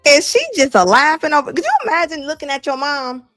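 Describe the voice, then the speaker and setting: A woman host riffing on clips in casual reaction commentary, animated and incredulous, with slangy, fired-up delivery. Her voice sits a little high and sounds dry and close, with faint music behind her. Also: quick pace, no echo.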